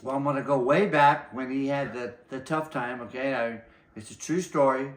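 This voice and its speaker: An older martial arts master, speaking in a medium-pitched, steady voice at normal speed, casually tells long anecdotes in an interview and acts out other people's lines as he goes. The recording has a roomy echo.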